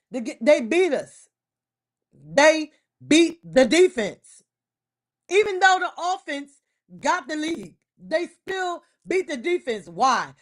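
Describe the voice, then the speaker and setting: A woman ranting about her football team on a casual livestream, heated and emphatic, repeating herself and breaking into loud outbursts. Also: high-pitched. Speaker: livestream host. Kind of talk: casual sports rant on a livestream.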